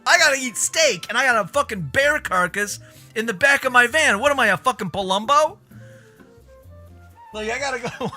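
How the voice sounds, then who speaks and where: Loud, swearing rambler, raised and bright, as a man mocks him. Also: very high-pitched, expressive, normal speed, soft background music, voice pushed up, exaggerated voice. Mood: frantic.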